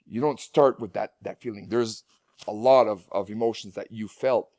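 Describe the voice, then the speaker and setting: A man's voice: fairly low pitch, fairly even intonation, moderate pace, a little mellow, no echo. Rambling male guest with restarts. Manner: rambling, many restarts and repeated words, laughs often. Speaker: guest speaker. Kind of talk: casual conversational interview.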